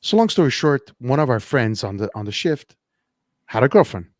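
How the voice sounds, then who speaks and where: A man co-hosting a casual podcast, telling stories in an animated way, repeating words and laughing often. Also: mid-range voice, moderate pace, no echo. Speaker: podcast co-host. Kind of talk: casual podcast chat, storytelling. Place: Montreal.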